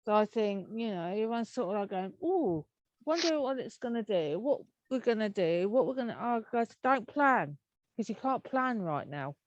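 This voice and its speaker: A woman's voice: a little high, expressive, moderate pace, no echo, dull audio. Chatty English woman, dry close sound. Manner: chatty and rambling, laughs often. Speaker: interview guest. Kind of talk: casual interview chat.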